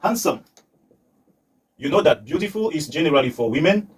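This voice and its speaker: A man teaching English on a live stream, patient, repeating words slowly and mixing in Turkish for his learners. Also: on the high side, expressive, husky. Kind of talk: live-stream language lesson.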